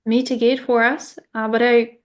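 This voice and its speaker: A woman's voice: on the high side, flat delivery, moderate pace. A woman hosting a podcast interview, asking questions in careful, hesitant phrasing with fillers.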